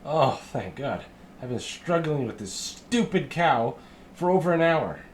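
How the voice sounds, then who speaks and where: A man plays a small halfling farmhand who is soaked in sweat and worn out. The voice sits high and strained and sounds flustered, like someone who has fought a stubborn cow for an hour. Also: sing-song, a little slow, reverberant, slight background noise.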